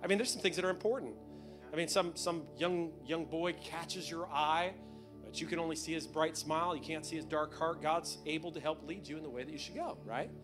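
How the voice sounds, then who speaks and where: A man's voice: on the high side, brisk, music in the background. A man preaching a sermon as pastor, in a conversational, joking manner that often acts out what people say.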